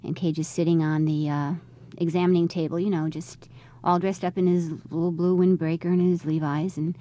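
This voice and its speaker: A woman's voice: lowish voice, level tone, a little fast, warm tone, no room sound. A middle-aged woman telling a family story in an interview, acting out what people said along the way. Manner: conversational, re-enacts quoted dialogue. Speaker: interviewee, mother.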